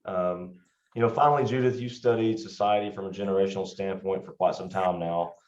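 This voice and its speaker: A man's voice: sits low, fairly even intonation, fairly quick, a little mellow. A man in his thirties hosting an interview, friendly and hesitant with fillers. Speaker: interview host. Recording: dull echoey room sound.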